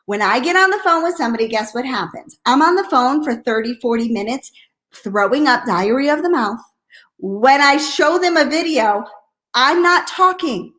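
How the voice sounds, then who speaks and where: A woman coaching network marketers on a live stream, energetic and blunt, repeating "okay?" and acting out hesitant and excited voices. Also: sits high.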